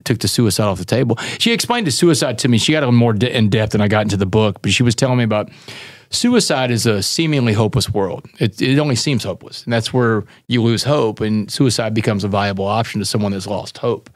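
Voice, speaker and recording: A man's voice: lowish voice, quick pace, no room sound, studio quality. A middle-aged man, a podcast guest, candidly tells a story and acts out the dialogue he quotes. He calls the listener "man" and "brother".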